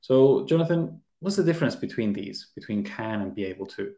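A man with a fairly low, warm voice talks a little fast and with plenty of animation, teaching English as a podcast host. The chat is casual; he laughs easily and explains things through examples, and the recording has a roomy echo.

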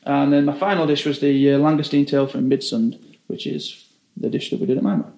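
A young British chef telling stories in a casual interview, rambling and filling every phrase with "like". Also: male voice, on the high side, fairly even intonation, a little fast, gravelly, a little mellow, roomy sound. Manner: rambling, says 'like' constantly.

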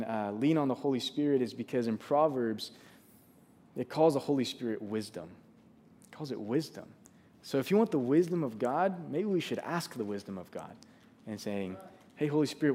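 A man's voice: medium pitch, lively intonation, moderate pace, dark tone. A man preaching a sermon, earnest and conversational, often restarting his sentences. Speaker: pastor.

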